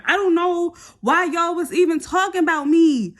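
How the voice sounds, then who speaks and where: A young woman, telling a story in a sassy, animated vlog style. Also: extremely high pitch, normal speed, hardly any pauses.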